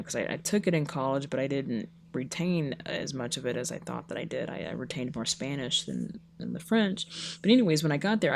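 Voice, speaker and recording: Low-pitched woman host, lively casual storyteller, faint hum behind. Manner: animated storytelling, acts out quoted people. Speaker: podcast co-host. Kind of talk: casual chat.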